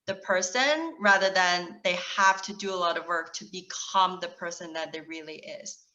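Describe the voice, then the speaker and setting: A woman host asking her guest a careful, slightly halting question. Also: fairly low pitch, sharp tone. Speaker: interviewer, host. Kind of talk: interview question. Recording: dull lo-fi remote audio.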